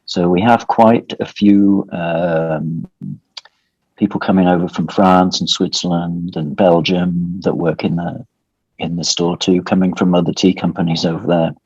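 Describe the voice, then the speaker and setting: Guest, male, deep and husky, wry dry delivery, dull lo-fi call audio. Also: little pitch movement, unhurried, a little mellow, dry recording. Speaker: guest, tea company co-owner. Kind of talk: casual interview chat.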